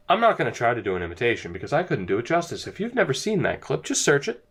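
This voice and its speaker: A man's voice: medium pitch, wildly swooping pitch, fast talker, fairly bright tone, slightly rough. A young man giving sarcastic, exasperated commentary over a hockey video game as he plays. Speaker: gaming video creator. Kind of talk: let's-play commentary.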